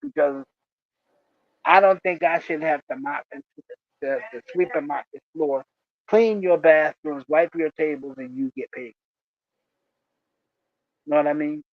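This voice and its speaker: A man casually telling stories about his old fast-food job, animated and laughing often. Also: fairly high pitch, no echo, dull audio. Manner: animated, laughs often, acts out coworkers' voices. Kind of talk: casual storytelling chat.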